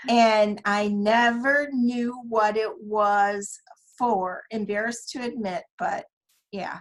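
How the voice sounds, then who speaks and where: A woman's voice: medium pitch, fairly even intonation, slow, poor audio. A woman on a video call, sharing a candid, slightly self-deprecating comment. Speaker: team member.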